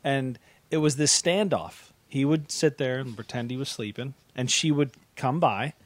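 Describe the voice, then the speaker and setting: A middle-aged man hosting a podcast, telling a school story in casual chat, animated and laughing often. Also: mid-range voice, normal speed, dry recording. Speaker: podcast host.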